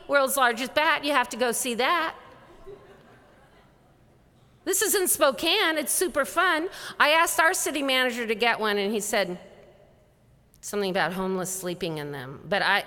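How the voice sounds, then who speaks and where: Animated woman speaking in a large hall. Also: sits high. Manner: animated storyteller acting out dialogue. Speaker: conference speaker. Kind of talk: motivational keynote talk. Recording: long reverb of a large hall.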